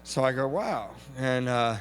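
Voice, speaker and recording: Animated man telling his story. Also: mid-range voice, measured pace, faint music behind. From United States. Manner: animated, laughing, acts out quoted voices. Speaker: recovery meeting speaker. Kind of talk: personal storytelling talk. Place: large event hall. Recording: echoey hall recording with faint hum.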